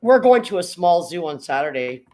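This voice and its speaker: On a low-quality recording, an older woman with a lowish, dark voice and big pitch swings talks at a moderate pace. As host of a laid-back home livestream, she wanders between topics, reads out viewer comments and curses offhandedly.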